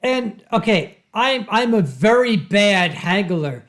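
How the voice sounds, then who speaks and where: A man's voice: high voice, expressive, fairly bright tone. Theatrical man chatting on a webcam stream. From Pennsylvania, USA. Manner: theatrical storyteller, drawn-out dramatic emphasis. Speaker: livestream host. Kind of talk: casual livestream chat, reading viewer comments.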